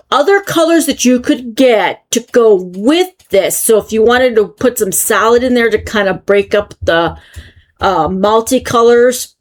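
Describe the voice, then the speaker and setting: An American woman hosting her own crochet channel, casually chatting through a yarn review and thinking aloud as she goes. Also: medium pitch. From United States. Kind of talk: casual product review chat.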